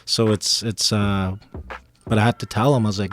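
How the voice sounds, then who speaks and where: Man panelist, lowish voice, storyteller who acts out quotes, soft music underneath. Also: steady tone, moderate pace. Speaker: panelist and ceremony helper. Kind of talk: radio panel discussion, storytelling.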